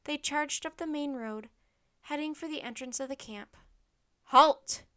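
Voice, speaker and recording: A woman reading a children's chapter book aloud in a steady, clear narration. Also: high-pitched, normal speed. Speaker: storybook narrator.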